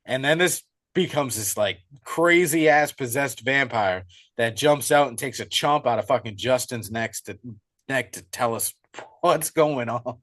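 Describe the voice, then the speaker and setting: A young man co-hosting a podcast, retelling a horror film in an excitable, profane, casual way. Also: mid-range voice, measured pace. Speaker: podcast co-host. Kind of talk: casual movie recap.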